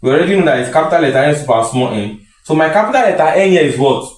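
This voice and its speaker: In an echoey room, a statistics tutor delivers a classroom lecture, repeating key phrases and answering his own questions. His voice is fairly high, expressive and very fast.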